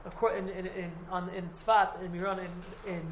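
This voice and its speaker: A man's voice: high voice, level tone, moderate pace, highs cut off, a little hiss or hum. A man teaching a casual Talmud class to a few students, rambling and repeating himself as he explains. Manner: rambling, repeats and hedges often. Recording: echoey room.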